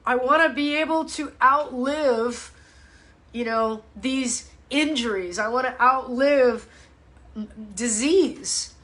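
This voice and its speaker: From home, a fitness coach hosts a casual live ask-me-anything stream, coaching her viewers with blunt, fired-up energy, calling people out and swearing freely. Her high voice is bright with a forceful edge, and she takes things slowly.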